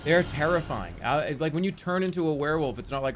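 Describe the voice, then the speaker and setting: A man in his forties talking on a live stream, his voice sitting a little higher than most men's. He rambles and argues with animated energy, piling up fillers and the odd curse word, all in a loose, casual chat. He sounds like he is speaking into a desk mic at his streaming setup. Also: fast talker, faint music behind. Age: 40s.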